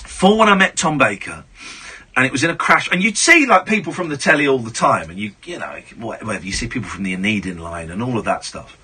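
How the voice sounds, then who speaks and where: Lively, bright-voiced radio host. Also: male voice, mid-range voice, fast talker, slightly rough. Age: 40s. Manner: animated, gushing, full of restarts. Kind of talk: casual chat, storytelling.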